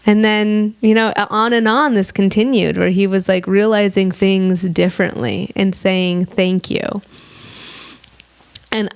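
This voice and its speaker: Woman co-host, sincere storyteller with a slightly gravelly voice, shifts into whispers for effect. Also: mid-range voice, fairly even intonation, normal speed, few pauses. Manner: earnest storyteller, acts out quoted voices, drops to soft whispers. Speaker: podcast co-host. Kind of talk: casual reflective chat.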